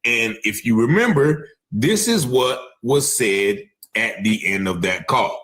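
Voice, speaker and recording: A man's voice: medium pitch, expressive, slow, a bit bright. Guy on a livestream, mid voice, speculating, keeps circling back and hedging. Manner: speculative, repeats himself, hedging. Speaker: online commentator. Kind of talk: live-stream commentary.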